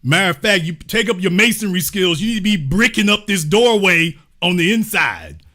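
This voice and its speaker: A man's voice: high-pitched, very animated, normal speed, sharp tone. A man hosting a live-streamed commentary show, joking with his chat and acting out little scenes in slangy casual talk.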